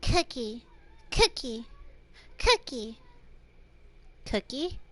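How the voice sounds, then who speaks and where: A woman's voice: a little high, sing-song, very slow, a bit bright, heavily acted. A woman putting on a cutesy babyish voice, begging in broken baby talk. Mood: whiny.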